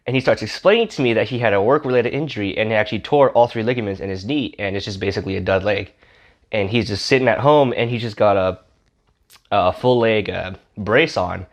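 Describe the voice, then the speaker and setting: A man telling his personal testimony as an animated story, acting out the people in it. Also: fairly low pitch. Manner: animated storyteller, acts out the other gamer in a raised voice. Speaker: testimony speaker.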